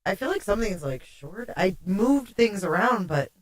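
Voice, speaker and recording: A woman's voice: mid-range voice, sing-song, normal speed. A woman hosting a casual livestream, chatting and reading viewer comments aloud, her voice sounding odd, warbly and echoey. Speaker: livestream host.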